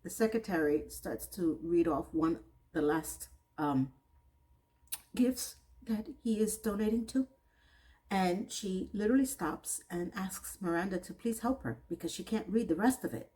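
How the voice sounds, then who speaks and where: A woman's voice: fairly low pitch, lively intonation, a little slow, warm tone, rough recording. A woman giving a casual recap of a TV episode, breaking off into exasperated, sarcastic asides. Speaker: TV recap reviewer.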